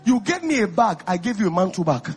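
A Nigerian man from Ekiti preaching an exuberant sermon, calling out to the congregation and often shouting. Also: high voice, very animated, quick pace, faint music behind. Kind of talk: lively sermon.

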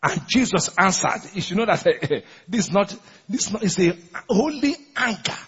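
A man's voice: high-pitched, sing-song, moderate pace, a bit bright, husky. A man, preaching a sermon as pastor, asking the congregation questions and laughing often. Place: large church hall. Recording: muffled recording in a large echoing church hall.

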